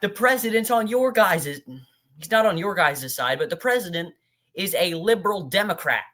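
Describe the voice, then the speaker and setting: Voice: mid-range voice, lively intonation, normal speed, a bit bright. A political commentator with a mid-range voice rants over a played speech. The delivery is heated and scornful, speaking straight at the speaker as if face to face. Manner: ranting, addresses the speaker directly, scornful.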